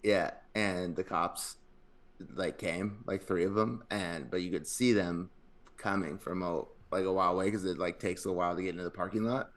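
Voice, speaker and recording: A man's voice: sits low, fairly even intonation, moderate pace. A man in his thirties, a podcast co-host, rambling through anecdotes full of fillers in casual chat.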